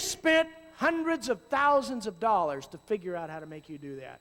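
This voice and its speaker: A middle-aged man giving a talk on youth ministry, swinging from hushed, slow passages to loud, animated storytelling. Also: high-pitched. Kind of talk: conference talk. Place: large hall with audience. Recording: long hall reverb.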